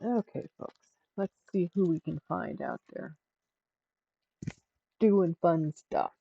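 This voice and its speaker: A middle-aged woman with a low, gravelly voice chats to herself and her viewers as she crafts on a stream. The sound is dry and a bit dull and lo-fi. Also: takes it slowly, no echo. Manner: chatty, talking to herself as she works. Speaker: livestream host. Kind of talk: casual chat while crafting.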